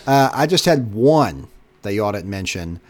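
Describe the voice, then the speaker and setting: A man's voice: lowish voice, big pitch swings, moderate pace, a little mellow. A man co-hosting a movie podcast, leading the segments in casual chat and laughing easily. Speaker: podcast co-host.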